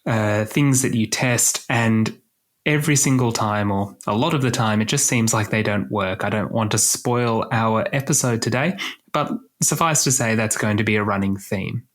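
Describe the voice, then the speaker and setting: A man co-hosting a medical podcast in a casual way. He sets up each topic in a measured, explanatory manner and slips in dry jokes along the way. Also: on the low side. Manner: measured, explanatory, dryly joking. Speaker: podcast co-host.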